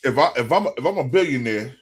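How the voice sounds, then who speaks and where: A man's voice: medium pitch, lively intonation, fast, crowd noise. A man on a casual podcast, arguing and cutting in to push back on others. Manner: argumentative, interrupts to push back.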